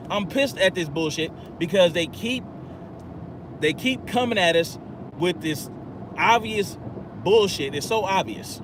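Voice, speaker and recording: A man's voice: sits high, animated, measured pace, pauses often. Agitated man ranting over street noise. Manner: agitated, profane, rambling. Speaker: podcast host. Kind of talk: ranting monologue.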